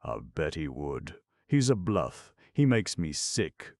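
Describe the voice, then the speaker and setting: A man's voice: rumbling low, very animated, slow pace, no echo, clean studio sound, heavily acted. A man voicing a big, hot-tempered young man who blusters and rages in an audiobook. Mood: indignant. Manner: blustering, loud, indignant.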